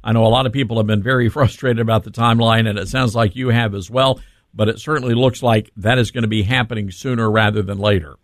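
A man hosts a talk radio show, speaking fast in a brash, blunt manner. His voice is fairly low with fairly even intonation, and the recording is dry and studio quality.

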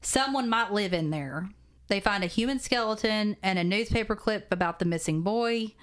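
A woman's voice: mid-range voice, normal speed. A woman co-hosting a casual podcast, recapping a movie plot in a dry, dismissive way with frequent offhand asides. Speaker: podcast co-host.

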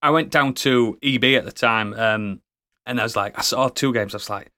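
A man's voice: mid-range voice, moderate pace, sharp tone. A man in a casual podcast chat, chatty and laughing often. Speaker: podcast co-host.

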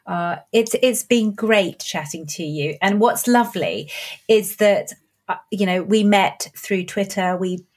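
A woman hosting a podcast interview, encouraging her guest and talking in quick bursts. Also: mid-range voice, darkish tone. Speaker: podcast host.

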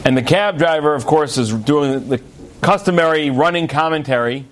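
A man teaching a Torah lesson as a rabbi, telling stories in an animated way and acting out the characters. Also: fairly high pitch, moderate pace. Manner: animated storyteller, acts out the characters.

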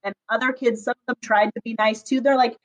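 A woman's voice: fairly high pitch, fairly even intonation, fast talker, low-quality recording. A young woman, a public school teacher, answering interview questions casually with lots of fillers and frequent laughter. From Southern California. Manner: chatty, laughs often, many fillers.

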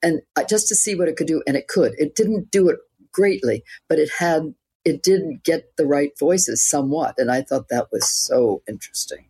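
Gravelly, husky woman in her eighties. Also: low-pitched, moderate pace, dark tone, dry recording. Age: 80s. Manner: chatty and reflective, laughs lightly mid-sentence. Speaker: guest, actress and author. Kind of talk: casual interview chat.

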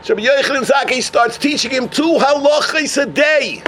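A man teaches through stories in an animated sermon, weaving Hebrew and Yiddish terms into his English. His voice sits very high and sounds bright and forceful. Faint noise lies under the recording. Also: normal speed. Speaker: Torah teacher. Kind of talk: sermon storytelling.

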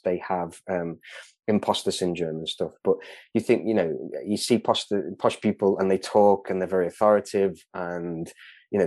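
A man from England chatting casually in a low, dry-sounding voice. He hesitates a lot, restarting sentences and filling gaps with ums. Laughter breaks into his talk. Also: a little mellow, no room sound. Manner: hesitant, many restarts and fillers, laughs often. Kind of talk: casual chat.

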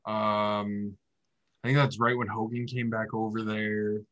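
A man's voice: fairly low pitch, little pitch movement, a little slow, fairly bright tone, lo-fi sound. A man co-hosting a podcast, chatting casually and reacting with short, easygoing replies. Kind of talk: casual chat.

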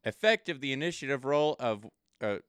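A man playing in a tabletop game podcast, explaining the rules slowly and deliberately. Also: medium pitch, animated, fairly bright tone, clean tone, no room sound, clean studio sound. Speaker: player. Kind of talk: casual podcast banter.

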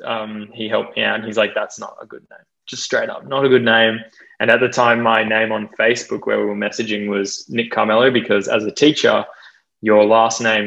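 A young Australian man chatting casually as an interview guest, self-deprecating and quick to laugh, with plenty of fillers. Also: lowish voice, gravelly, bright, forceful tone, highs cut off. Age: young adult. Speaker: guest DJ and producer.

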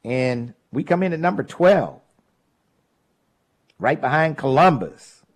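Animated male radio host, slightly high, teasing callers. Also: slow pace. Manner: animated, laughs often, mocks callers. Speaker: radio talk show host. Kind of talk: call-in talk radio.

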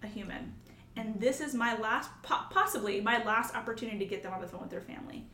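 Nurse lady hosting her podcast, kinda high voice, heartfelt, sounds a bit far from the mic. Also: fast talker, bright, forceful tone, a little hiss or hum. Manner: earnest, emotional, acts out quoted coworkers. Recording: roomy sound from a distance with faint ambience.

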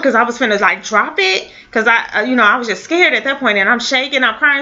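A woman telling a personal story in a casual, halting way, with many fillers and restarts. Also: a little high, pushed and bright. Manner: halting, full of fillers and restarts, laughs now and then. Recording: dull lo-fi audio.

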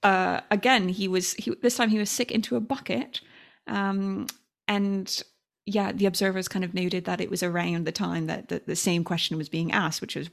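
A woman's voice: fairly low pitch, normal speed, gravelly. A woman with a Californian accent, co-hosting a casual true-crime podcast and telling the story with playful asides. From United States. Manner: animated storytelling with playful impressions. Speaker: podcast co-host.

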